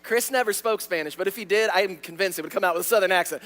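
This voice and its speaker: Young male pastor, high-pitched, animated sermon delivery, stumbles on repeated words. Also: fast, few pauses. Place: church sanctuary.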